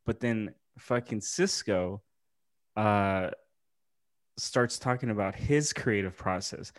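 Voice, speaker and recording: A man hosting a casual reaction chat who is excitable, laughs often and swears freely. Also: on the low side, takes it slowly. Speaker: podcast host.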